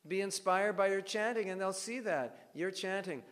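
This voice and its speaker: A man giving a devotional scripture class, telling stories in an animated way and acting out bits of dialogue. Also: sits high, normal speed, in a large hall.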